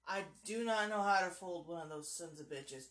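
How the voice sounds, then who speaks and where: A woman's voice: lowish voice, normal speed, fairly bright tone. A woman in her thirties co-hosting a podcast in casual chat, blunt and insistent, teasing her co-host. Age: 30s.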